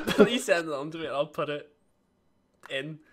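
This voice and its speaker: Young man, quick jokey host. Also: on the high side, crowd noise. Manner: quick jokes, bursts of loud laughter. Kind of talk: casual chat among school friends.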